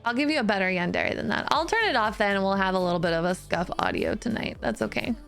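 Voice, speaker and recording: A woman's voice: medium pitch, sing-song, fast, gravelly, fairly bright tone. A woman streamer chatting casually, laughing often while testing her new mic in a room with bare walls. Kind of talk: casual live-stream chat. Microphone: new studio mic, close. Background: faint background music.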